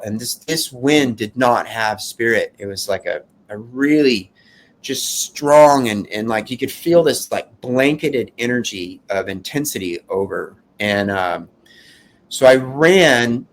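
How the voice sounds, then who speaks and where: A man giving an emotional first-person account of surviving a fire, in an earnest, halting way with many restarts. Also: mid-range voice, expressive.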